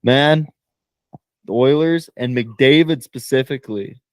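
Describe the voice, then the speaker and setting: A man's voice: mid-range voice, slow, dry recording. A young Canadian man co-hosting a podcast, chatting casually and loosely with lots of fillers. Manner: loose, rambling sports talk with many fillers. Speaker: podcast co-host. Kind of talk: casual chat.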